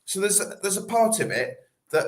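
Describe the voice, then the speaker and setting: Animated man coaching on sales. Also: high-pitched, moderate pace, reverberant. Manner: animated, acts out little scenes in quoted voices. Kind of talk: casual podcast talk.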